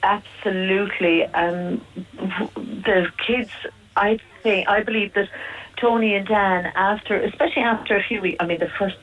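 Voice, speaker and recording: A woman guest on a radio interview, speaking in a halting, emotional and reflective way about personal loss. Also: mid-range voice, steady tone, distant mic, narrow, tinny audio.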